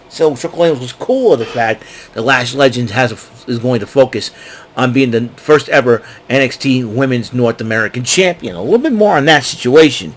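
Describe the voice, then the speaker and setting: A man's voice: mid-range voice, lively intonation, fairly quick, a little hiss or hum, rough recording. A man giving a casual, rambling recap as host, with many fillers and restarts. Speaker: wrestling show recap host.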